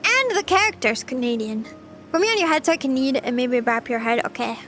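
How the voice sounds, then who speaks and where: A woman's voice: sits high, animated, brisk, a bit bright, faint music behind. A young woman streaming casual chat, playful and chatty, often giggling as she reads her chat. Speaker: VTuber streamer.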